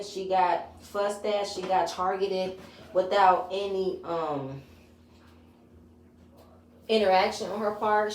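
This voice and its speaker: A woman's voice: mid-range voice, a little hiss or hum. A woman giving a chatty, opinionated recap of a reality show, retelling scenes in her own words. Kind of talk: casual episode review. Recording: echoey room.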